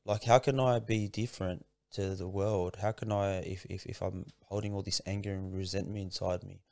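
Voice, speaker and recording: Gravelly, low-voiced man sharing earnestly. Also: level tone, moderate pace, a little mellow, dry recording. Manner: earnest, repeats words and restarts often, says "man" and "bro". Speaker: guest. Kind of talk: casual heartfelt interview.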